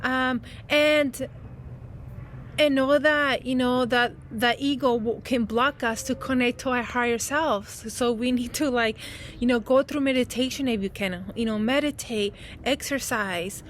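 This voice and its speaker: A woman's voice: fairly high pitch, measured pace, slight background noise. A woman talking outdoors as a spiritual coach in a casual, heartfelt vlog, rambling and comforting with many fillers.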